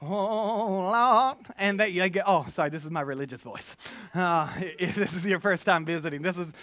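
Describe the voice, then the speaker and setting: A preacher giving an animated sermon, telling stories with humor and sometimes slipping into mock voices. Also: mid-range voice, a little fast, dry recording.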